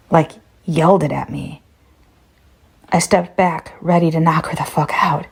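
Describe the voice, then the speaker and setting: A woman narrating a first-person horror story in a tense, measured way. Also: low-pitched, creaky, slightly rough.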